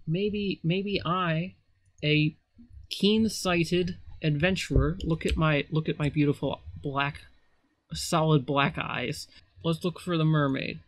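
A man's voice: on the high side, no room sound. A man giving casual gameplay commentary as a let's player, rambling with sarcastic asides.

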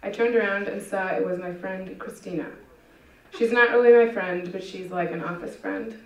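A woman reading her own short stories aloud at a live literary event, with a wry, deadpan delivery. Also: medium pitch, moderate pace, slight background noise. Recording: dull, echoey room from far off.

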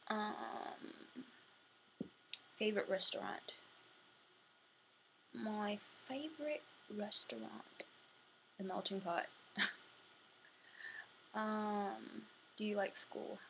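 A young woman chatting casually to camera, answering questions for a tag video, sometimes dropping to a soft murmur. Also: medium pitch, flat delivery, extremely slow, pauses often, slight background noise, rough recording. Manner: chatty, drifting between soft murmurs and bright bursts.

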